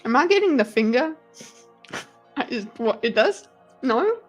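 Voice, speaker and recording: South African woman, fairly high voice, casual home streamer with faint music behind. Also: takes it slowly. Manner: chatty, animated, swears and laughs often. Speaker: streamer reading chat. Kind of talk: casual live-stream commentary. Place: her home.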